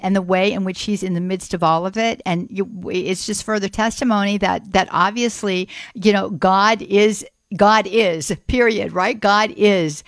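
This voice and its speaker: A woman radio host praying aloud for a caller, earnest and slow, repeating invocations. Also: mid-range voice, no room sound. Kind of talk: spoken prayer and call-in radio talk.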